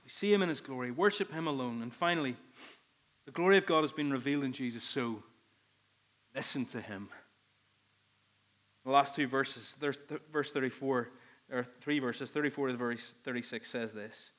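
A man's voice: mid-range voice, moderate pace, pauses often, a bit bright. A man preaching a sermon, earnest and emphatic, leaning on repeated phrases. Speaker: pastor.

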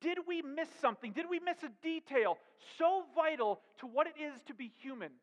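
A man's voice: very high-pitched, animated, normal speed. A man preaching a sermon as pastor, with emphatic rhetorical questions. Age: adult with young daughters. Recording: dull sound with long hall reverb.

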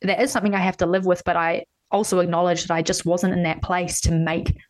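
A woman's voice: lowish voice, level tone, quick pace. A woman hosting a podcast, chatting candidly and swearing freely as she tells personal stories. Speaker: podcast host. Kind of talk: casual podcast chat.

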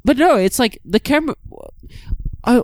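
A man's voice: very high-pitched, lively intonation, moderate pace, a little mellow, no room sound, clean studio sound. A man co-hosting a casual film review podcast, rambling with many restarts and fillers. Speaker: podcast co-host.

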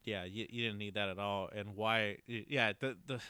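A man chatting casually as a podcast co-host, rambling and halting, often breaking into laughter. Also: on the low side, fairly even intonation, bright, forceful tone, smooth, no echo. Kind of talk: casual chat.

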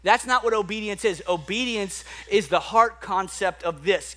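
A man's voice: sits high, moderate pace, sharp tone. A young man preaching an earnest, emphatic sermon to a church congregation, often repeating words as he builds up. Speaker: pastor. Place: church sanctuary.

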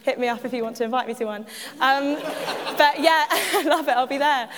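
Her voice is high-pitched, fairly bright, and brisk as she shares a personal testimony at church. The hall echoes while she chats, jokes at her own expense, laughs frequently, and turns aside to address the crowd.

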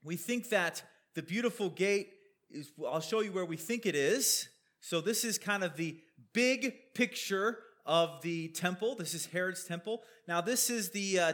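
A man teaches a sermon verse by verse, talking through his slides in a relaxed, conversational way and putting questions to his listeners. His voice is bright and sits a little high for a man. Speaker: preacher teaching a Bible passage.

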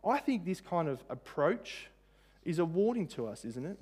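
A man's voice: fairly high pitch, very animated, normal speed, a little mellow, husky. A man preaching a sermon in a conversational way, with frequent fillers and rhetorical questions. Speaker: pastor.

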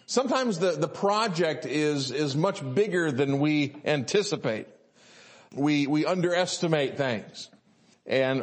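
A man's voice: a little high, expressive, slow pace. A male pastor, preaching a sermon and telling a story with many fillers and restarts.

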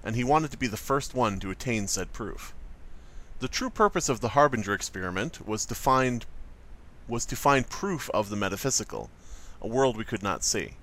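A man's voice: mid-range voice, moderate pace. A man co-hosting a podcast, reading a story aloud and joking around with friends. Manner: playful, jokey, animated. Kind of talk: casual group chat and story reading.

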